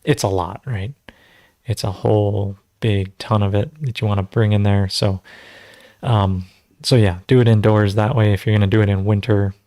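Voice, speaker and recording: A man's voice: fairly low pitch, fairly even intonation, moderate pace, mellow, no room sound, clean studio sound. A man hosting a casual livestream Q&A, rambling and conversational, full of fillers as he teaches natural farming.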